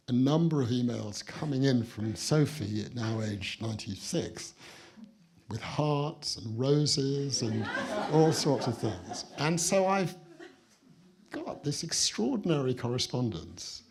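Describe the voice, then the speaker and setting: A British man with a mid-range, gravelly voice, slightly mellow and edged with breath, gives a guest speech at a museum exhibition opening. Addressing the audience in the building, he tells an anecdote with wry, dry understatement.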